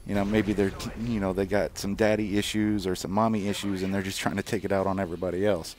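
A gaming channel host talks casually over gameplay footage in a low, flat, darkish voice, speaking quickly. He rambles and swears freely, full of fillers and restarts, with slight background noise.

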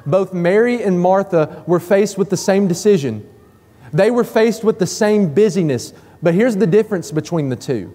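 A man's voice: high voice, expressive, normal speed, dark tone. A male pastor preaching a sermon emphatically, repeating key phrases for weight. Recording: long reverb of a church hall.

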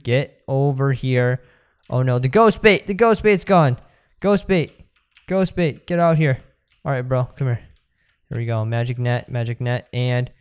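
A young man hosting a casual let's-play, talking straight to his viewers with excitable energy. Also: mid-range voice, clear, resonant tone. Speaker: gaming video host.

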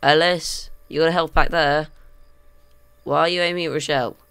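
Excitable man with a gravelly voice. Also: on the high side, moderate pace, dry recording. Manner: excitable, panicky, self-mocking. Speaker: gaming video host. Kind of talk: let's play commentary. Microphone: desk condenser mic.

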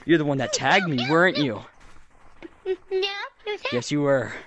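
A woman in playful in-game voice chat, animated and teasing. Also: deep voice, measured pace, noisy background.

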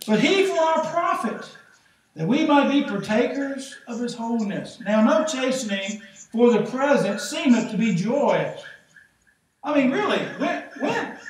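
A middle-aged man, preaching a sermon as pastor in a folksy, animated way, acting out the voices he quotes. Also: very high-pitched. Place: church sanctuary. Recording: echoey church from far off, faint noise.

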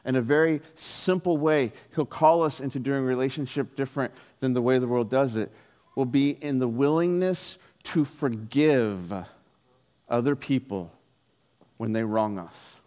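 Earnest pastor guy telling a story in his sermon, gets soft on the big lines, long echo from the church hall. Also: medium pitch, measured pace.

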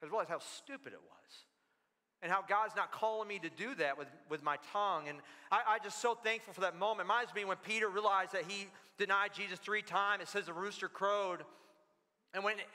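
A male pastor with a high, bright voice delivers an animated sermon full of personal storytelling. His words ring out with a long reverb from a church hall. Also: fairly quick. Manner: animated, storytelling, repeats words when worked up. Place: church sanctuary.

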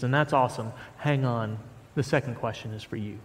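A man's voice: medium pitch, animated, quick pace. Preaching man in a reverberant sanctuary. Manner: reads scripture aloud with rising force, then speaks plainly to the congregation. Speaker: pastor. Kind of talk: sermon. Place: church sanctuary.

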